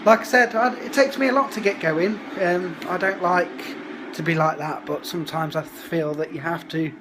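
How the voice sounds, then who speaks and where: A man's voice: a little high, fairly even intonation, moderate pace, background noise. Chatty man vlogging at home. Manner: chatty, grumbling, indignant asides. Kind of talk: casual vlog chat. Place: family home. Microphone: phone held at arm's length.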